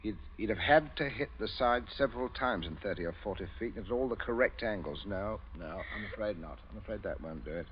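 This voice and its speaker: A man's voice: fairly low pitch, expressive, fairly quick, few pauses, highs cut off, noisy background, lightly acted. An actor playing a stern, domineering father and village magistrate who interrogates his daughter in a commanding, cold manner, in an old radio drama.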